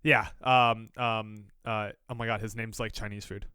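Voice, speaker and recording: A man's voice: lowish voice, level tone, unhurried, sharp tone, smooth, no room sound, clean studio sound. A man co-hosting a podcast in casual chat, teasing his co-host and cracking jokes. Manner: teasing, wisecracking.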